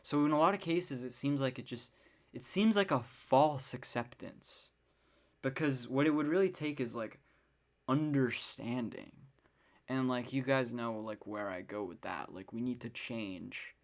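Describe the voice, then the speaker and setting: A woman's voice: a bass voice, a little slow. Rambling, swearing woman podcaster. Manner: rambling, many fillers and frequent swearing; exasperated ranting. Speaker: podcast host. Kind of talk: casual solo podcast monologue.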